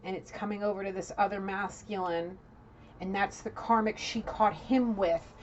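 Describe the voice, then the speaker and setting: A woman doing a casual tarot reading, blunt and heavy on the swearing, scolding the people in her spread with animated outbursts. Her voice sits at an ordinary middle pitch. The recording is dull and lo-fi with a faint hiss behind it. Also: normal speed. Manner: blunt and profane. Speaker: tarot reader.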